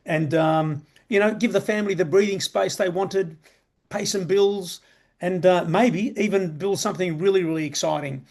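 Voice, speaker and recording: An upbeat man pitching an online business opportunity, chatty and eager, doubling back on his words as he goes. His voice sits a little high for a man. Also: moderate pace, creaky, a little mellow. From Australia. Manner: enthusiastic, chatty, repeats words. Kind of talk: live sales presentation.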